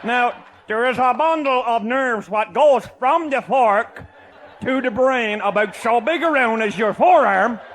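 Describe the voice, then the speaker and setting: An older man telling a comic tall tale, boisterous and loud, often laughing as he talks. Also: high-pitched, slight background noise. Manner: boisterous, often shouting and laughing mid-sentence. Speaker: storyteller.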